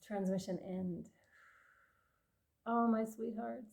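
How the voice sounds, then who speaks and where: A woman giving a tarot reading to her viewers, effusive and emotional, laughing often and addressing listeners warmly. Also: mid-range voice, fairly even intonation, moderate pace. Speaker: tarot reader.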